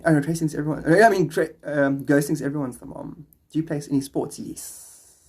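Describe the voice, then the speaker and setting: A man's voice: on the high side, fairly even intonation, fairly quick, a little mellow, slightly rough. A man with a South African accent, rambling casually on a livestream and answering chat questions aloud.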